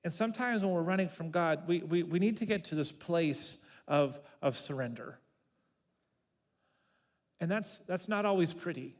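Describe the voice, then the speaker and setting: A man pastor preaching a sermon, telling the story in an animated way and repeating words as he builds. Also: on the high side, moderate pace. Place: church sanctuary. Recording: long reverb of a church hall.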